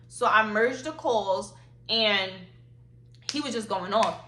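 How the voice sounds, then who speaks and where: A young woman of 18 tells a personal story to her phone camera, slangy and emphatic, hammering her points home by repeating them. Her voice is bright and keen-edged, with a roomy echo around it. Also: mid-range voice, slow. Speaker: vlogger. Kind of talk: casual storytime vlog.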